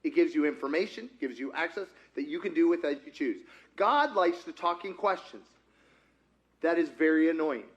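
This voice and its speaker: High-voiced man preaching a sermon. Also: moderate pace, dull audio. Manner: asks the congregation frequent questions; conversational and animated. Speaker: pastor. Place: church sanctuary.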